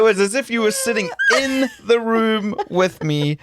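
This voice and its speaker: A man co-hosting a podcast, chatting in a relaxed, teasing way and often laughing through his stories. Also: high-pitched, measured pace, few pauses. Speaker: podcast co-host. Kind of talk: casual chat.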